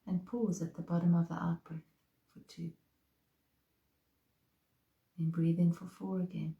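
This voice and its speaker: A woman leading a slow guided breathing meditation in a soft, calm voice. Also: fairly low pitch, vocal fry, echoey room, highs cut off. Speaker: meditation teacher.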